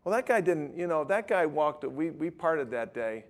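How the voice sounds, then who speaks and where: A man's voice: on the high side, animated, moderate pace. A middle-aged man preaching, telling a story conversationally and acting out both sides of a dialogue. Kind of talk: sermon with retold street-evangelism story.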